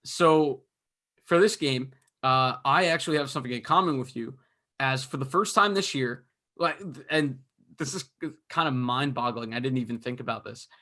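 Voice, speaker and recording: Bright-voiced man rambling through hockey analysis. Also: mid-range voice, moderate pace. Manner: rambling, filler-heavy analysis. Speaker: podcast co-host. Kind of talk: casual sports chat.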